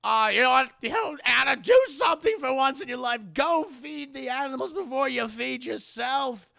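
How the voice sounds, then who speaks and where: A man's voice: very high-pitched, moderate pace, creaky, sharp tone, no echo, clean studio sound, voice pushed up, exaggerated voice. A man voicing a harsh, screeching Puritan mother who berates her daughter in a movie recap. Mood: furious berating.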